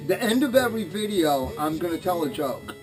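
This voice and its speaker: A man's voice: sits high, big pitch swings, fairly quick, over music. A man chatting casually to camera from his home workshop about hunting, telling stories and jokes in a folksy, rambling way. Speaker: hunting vlogger.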